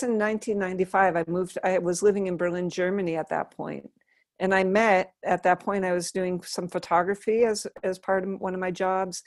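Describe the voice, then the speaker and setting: A woman's voice: on the low side, darkish tone, no room sound, studio quality. A middle-aged woman telling her life story in an interview, earnest and thoughtful, often restarting her sentences. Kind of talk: reflective personal storytelling.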